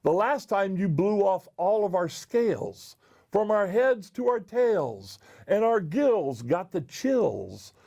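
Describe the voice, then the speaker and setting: A man's voice: high-pitched, very animated, slow, creaky, warm tone, exaggerated voice. A man voicing a pleading, thin-skinned fish in a storybook reading.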